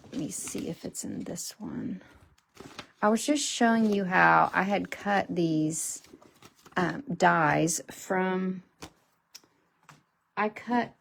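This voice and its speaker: Middle-aged lady doing a crafting tutorial, kinda gravelly, slow, faint hiss behind. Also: lowish voice. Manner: chatty, unhurried, thinks aloud while working. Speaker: card-making host.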